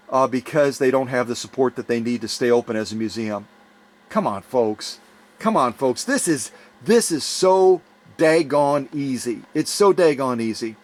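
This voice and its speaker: A man hosting his channel, making an urgent, repetitive fundraising appeal with a voice going hoarse. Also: on the high side. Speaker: YouTube channel host.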